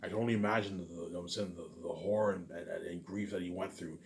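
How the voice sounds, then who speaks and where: A man's voice: deep voice, fairly even intonation, fast, vocal fry, a little mellow, a little hiss or hum. A man in a rambling, profane solo monologue to his viewers, repeating "obviously" and "you know what I'm saying" again and again. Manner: profane, emphatic and grandiose. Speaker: channel host.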